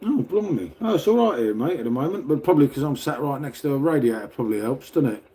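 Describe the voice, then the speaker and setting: A mid-range, animated, mellow voice belongs to a middle-aged man from Britain who talks quickly on his livestream. Seated at home by a radiator, he reads chat, rambles, laughs and swears in easygoing conversation.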